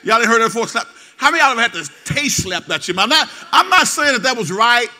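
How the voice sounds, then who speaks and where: Preaching fast, a middle-aged pastor repeats phrases and calls for responses from the congregation in a call-and-response style. His delivery moves from quiet asides to loud exhortation, with big swings in pitch.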